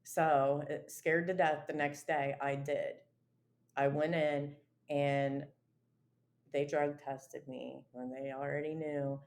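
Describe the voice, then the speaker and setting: A woman's voice: sits low, little pitch movement, slow, darkish tone. Earnest woman telling a personal story. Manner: earnest and emotional, with many fillers and restarts. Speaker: guest sharing her recovery story. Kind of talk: casual conversational storytelling.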